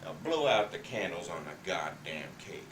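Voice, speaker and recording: A man's voice: deep voice, very animated, moderate pace, fairly bright tone, slight background noise, voice pushed down. A man voicing a domineering old Southern plantation patriarch who bellows, curses and lays down the law. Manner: bellowing, cursing, commanding. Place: family home. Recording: roomy, distant home video.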